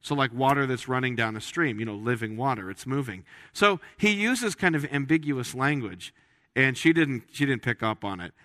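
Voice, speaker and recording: A man's voice: mid-range voice, lively intonation, moderate pace, a bit bright, no echo, studio quality. A man preaching a sermon in a church, talking in a conversational, joking way and often restarting his phrases. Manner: conversational, with frequent restarts and jokes. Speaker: pastor. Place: church sanctuary.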